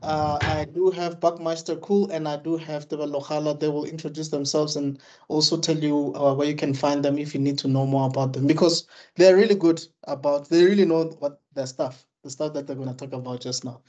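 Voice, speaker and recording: A man's voice: fairly high pitch, steady tone, a little fast, dark tone. A man from South Africa hosting a podcast, upbeat and chatty with fillers. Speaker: podcast host. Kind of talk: casual podcast chat.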